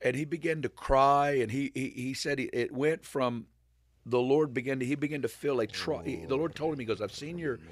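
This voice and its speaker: A man in casual faith conversation, retelling a story as an animated storyteller who rambles and restarts. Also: medium pitch, a little fast, dry recording.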